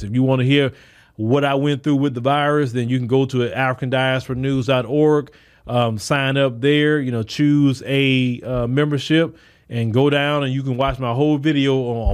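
A man hosting a podcast, delivering a blunt, emphatic solo commentary that restarts and repeats words as he pushes his points. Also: mid-range voice. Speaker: podcast host. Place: Texas.

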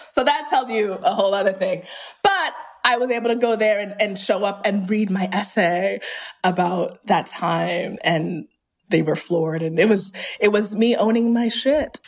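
A woman's voice: medium pitch, a little slow. Laughing woman guest, candid and chatty. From Phoenix, Arizona. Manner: laughs often, candid and self-deprecating. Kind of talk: casual interview.

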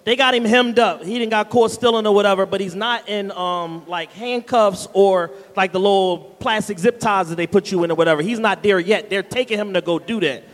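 A man's voice: high voice, brisk, hardly any pauses. A man co-hosting a live podcast, chiming in with playful, profane jokes and stories. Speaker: podcast co-host. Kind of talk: live comedic banter. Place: live stage show in a studio venue. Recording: long hall reverb from a live venue.

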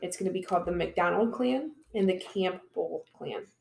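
A woman co-hosting a podcast, casually telling a history story with playful, drawn-out emphasis. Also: fairly low pitch, animated, gravelly, a little mellow. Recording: roomy echo.

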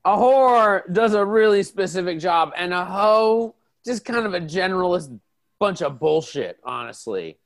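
A man with a high voice improvising comedy. He rambles in a mock-serious, deadpan manner. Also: measured pace. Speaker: comedy podcast host improvising.

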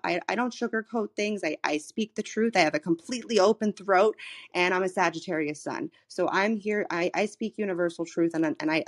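A woman in her thirties from Florida, a human design coach, telling a personal story in a casual, animated way, swearing freely and often restarting her words. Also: lowish voice. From Florida, USA. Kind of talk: casual storytelling in a live audio room. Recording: live social audio room recording.

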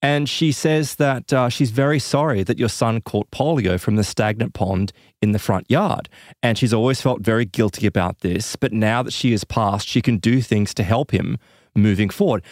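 A man hosts a casual podcast chat, retelling a story in an animated way and dotting it with fillers and asides. His voice sits at an ordinary middle pitch. The recording is close and completely dry, with no room sound. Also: normal speed, dry recording.

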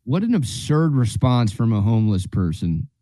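Male co-host, dry teasing style, mellow tone, dead-dry studio sound. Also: medium pitch, very animated, normal speed, dry recording. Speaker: radio sports show co-host. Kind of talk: casual banter.

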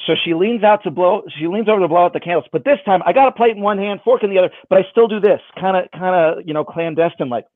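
A magician tells a story in a lively, joking manner, his voice fairly high. The line is dry and narrow, like a phone call. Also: quick pace, hardly any pauses, no room sound. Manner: animated, jokey storyteller. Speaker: magician, guest. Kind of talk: casual storytelling.

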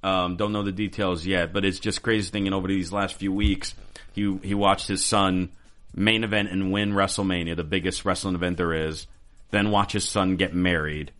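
Deep-voiced man, wry and laid-back. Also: flat delivery, moderate pace, a bit bright. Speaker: co-host. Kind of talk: casual panel chat.

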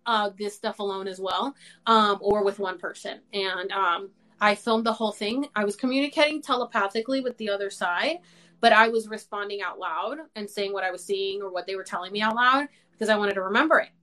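Young woman, host, excitable, swears a lot, heavy filler words, mid pitch. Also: brisk. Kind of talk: casual chat.

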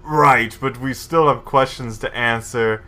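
A man's voice: mid-range voice, unhurried, bright, forceful tone, soft background music. A man voicing an earnest, formal male justicar who presses blunt questions. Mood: insistent.

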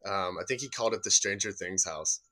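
A man with a low, bright and forceful voice tells a story as a podcast guest. He is animated and swears freely, and he acts out the people in the story as he goes. His delivery is loose and casual. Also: brisk. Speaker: podcast guest, urban explorer.

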